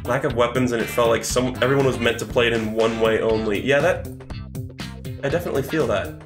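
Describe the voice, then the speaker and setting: A man's voice: medium pitch, quick pace, music in the background. Chatty streamer guy in an echoey room. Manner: chatty, thinks aloud, swears casually. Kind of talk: live game-stream commentary.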